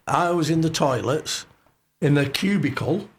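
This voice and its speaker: A man's voice: fairly high pitch, unhurried, slight background noise. A man in his sixties, a studio guest telling a long, hesitant anecdote on a radio chat show. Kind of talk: storytelling in casual chat.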